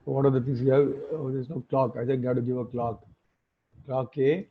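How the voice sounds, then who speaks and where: A man's voice: mid-range voice, little pitch movement, brisk, a little hiss or hum. A man teaching an online class, explaining things step by step and often checking with tag questions. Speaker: instructor. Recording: phone-like muffled call audio.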